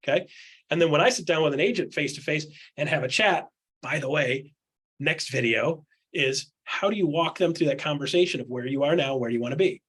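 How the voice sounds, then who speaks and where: A man with a somewhat high, husky voice coaches real estate agents in a candid, one-on-one style. He drives his points home with quick rhetorical questions and slips into other people's voices to act out what they say. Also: fairly bright tone. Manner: acts out quotes in other voices.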